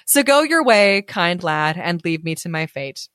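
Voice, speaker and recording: A woman's voice: lowish voice, very animated, measured pace, a bit bright, clear, resonant tone, dry recording, clean studio sound. A woman voicing a young princess in a read-aloud fairy tale, speaking in formal, old-fashioned phrases. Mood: pleading. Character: young princess, sorrowful then joyful.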